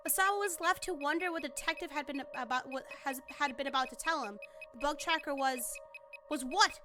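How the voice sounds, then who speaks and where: A young woman streamer reading a visual novel aloud and chatting with viewers, animated and excitable, swearing casually and breaking into sudden shrieks. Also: high voice, a little fast. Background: game music.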